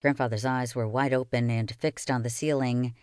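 A woman reading a children's novel aloud with slow, expressive storytelling. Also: a bass voice, clear, resonant tone, no echo, studio quality. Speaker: reader.

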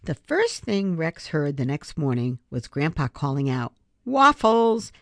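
A woman reading a children's chapter book aloud in a steady, expressive way. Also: low-pitched, measured pace, no room sound, studio quality. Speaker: storybook reader.

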